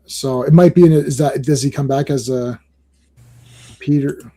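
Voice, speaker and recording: A man hosting a comic book podcast in casual chat, excitable and rambling, often laughing and restarting his sentences. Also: mid-range voice, normal speed.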